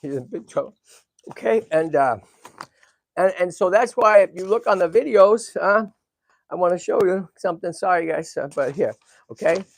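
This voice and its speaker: On his casual live stream, a middle-aged man speaks in a high-pitched, creaky, expressive voice at normal speed, in a dry recording. Emotional throughout, he addresses both his viewers and his animals and restarts his sentences frequently.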